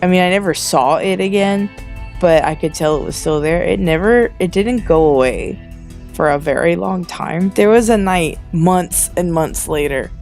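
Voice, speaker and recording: Young woman storyteller, casual and animated, with a gravelly edge, faint music behind. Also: on the low side. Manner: animated, breathless storytelling with quick asides. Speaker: storytelling vlogger. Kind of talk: casual ghost story narration over drawing.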